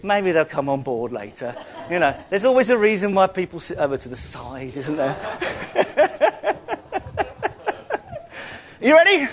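A man with a high voice leads a church gathering in an interactive sermon. He jokes and teases as he talks to the congregation, and raises his voice to call out across the room. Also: expressive, fairly quick. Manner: playful, joking, calls out loudly to the room. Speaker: church speaker.

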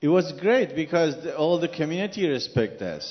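A man's voice: a little high, animated, in a large hall, dull audio, soft background music. A man from Iran with an Iranian accent, earnestly answering questions as a guest at a church gathering. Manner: earnest, speaking slowly with a foreign accent. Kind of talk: church interview.

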